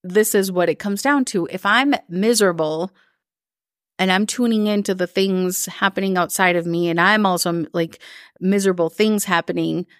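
A woman coaching her listeners in a casual, chatty talk, full of "like" and quick voices put on for other people. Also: lowish voice, no echo, clean studio sound. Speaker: coach and podcast host. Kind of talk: casual live-recorded talk.

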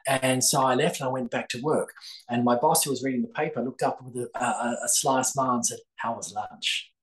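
A man's voice: mid-range voice, fairly even intonation, a little fast, low-quality recording. An older man, a guest telling a long story with many fillers and restarts in a podcast interview. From Australia. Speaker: guest, psychic author.

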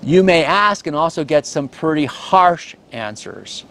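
A middle-aged pastor preaches a sermon in a slightly high, very lively voice. He punches single words for stress and slips in friendly asides as he teaches. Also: normal speed, gravelly, hardly any pauses. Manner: animated, stresses key words, asides with light laughter.

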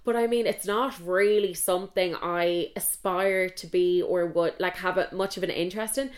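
A woman's voice: lowish voice, steady tone, moderate pace. A young Irish woman in her twenties telling candid, self-mocking dating stories in a chatty podcast style, swearing freely. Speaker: podcast host. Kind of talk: casual storytelling.

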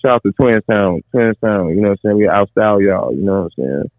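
Low-voiced man on a tinny line. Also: expressive, fast, dry recording. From Minneapolis, USA. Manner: laid-back, repeats "bro" and "man". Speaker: podcast co-host. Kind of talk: casual chat.

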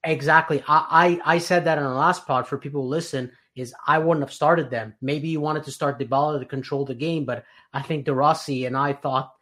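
A man's voice: a little high, brisk, hardly any pauses. Opinionated man hosting a football podcast. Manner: animated opinionated, frequent restarts. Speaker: podcast host. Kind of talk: casual football chat.

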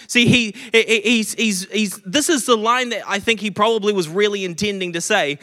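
A man's voice: sits high, normal speed, hardly any pauses, bright, forceful tone, big-room sound. A man preaching a sermon, earnest, often stumbling and restarting as he stresses repeated phrases, a little short of breath. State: recovering from illness, short of breath.

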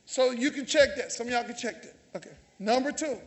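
A pastor with a Southern US accent preaches in a church sanctuary, calling out to his congregation and teasing them. His voice is extremely high and brisk, picked up by a handheld or stage mic.

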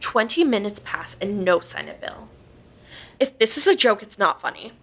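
A woman's voice: medium pitch, big pitch swings, moderate pace, a bit bright. A woman podcast host casually reading a horror story aloud, swearing freely and laughing between lines.

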